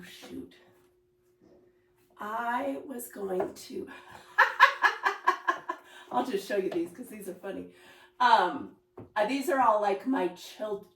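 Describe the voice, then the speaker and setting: A woman's voice: medium pitch, slight background noise. A woman in her thirties chatting casually in a cross-stitch vlog, rambling with asides and fillers. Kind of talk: casual chat.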